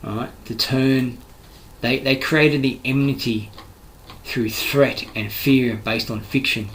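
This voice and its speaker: A man's voice: medium pitch, steady tone, slow pace, a bit bright, a little hiss or hum, rough recording. A man with an Australian accent, a construction worker delivering a rambling, heated, profane monologue full of restarts. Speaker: construction worker giving his views.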